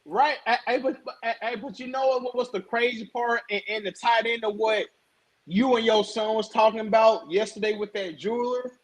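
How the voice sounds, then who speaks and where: High-voiced man telling a story. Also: normal speed, low-quality recording. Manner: animated storytelling, stammering restarts. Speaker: podcast host. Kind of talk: casual chat.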